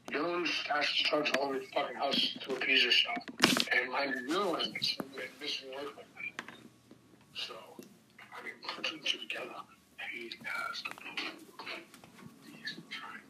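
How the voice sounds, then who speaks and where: Bright-voiced young man ranting profanely. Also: on the high side, slight background noise, low-quality recording. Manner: profane, agitated, swings between loud and hushed. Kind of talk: heated casual rant.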